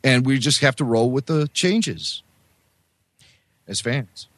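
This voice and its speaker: A man co-hosting a podcast, explaining his views in a measured, firm way. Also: medium pitch, expressive, no room sound. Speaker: podcast co-host. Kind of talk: casual podcast discussion.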